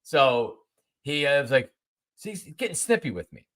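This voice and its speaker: A man in his forties, a podcast host, telling a story in a casual monologue, animated and repeating himself as he acts out both sides of a conversation. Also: on the high side, normal speed.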